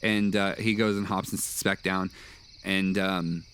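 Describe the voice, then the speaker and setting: Low-voiced man running a tabletop game. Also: fairly even intonation, measured pace, fairly bright tone, slight background noise. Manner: hesitant, many uh fillers. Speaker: game master.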